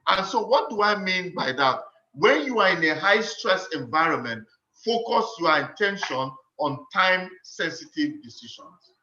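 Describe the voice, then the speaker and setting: In an earnest, instructive motivational talk on leadership, a man with a high, pushed, bright voice keeps repeating phrases to drive points home. The audio is lo-fi, dull and roomy.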